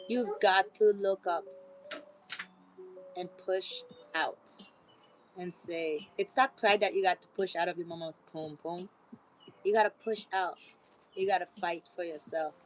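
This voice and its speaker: A woman's voice: mid-range voice, rough recording. A woman vlogger giving a rambling, casual motivational talk, with frequent laughter and preachy asides.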